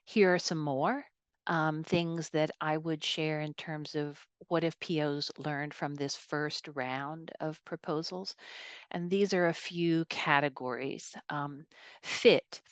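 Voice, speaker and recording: A woman with a low-pitched voice presents as a program officer in a webinar. She talks in a measured, thoughtful way, pausing on fillers as she goes. The recording is dry and close. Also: steady tone, no echo.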